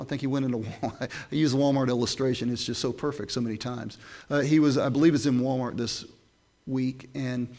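A man's voice: mid-range voice, creaky, darkish tone. A man preaching a conversational sermon, moving between casual storytelling and emphatic scripture reading. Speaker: pastor.

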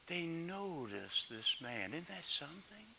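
A man preaching with a high, bright voice, taking his time over every phrase. He swings from loud calls down to hushed near-whispers and keeps putting questions to the congregation. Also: big pitch swings, measured pace, creaky, a little hiss or hum. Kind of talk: sermon.

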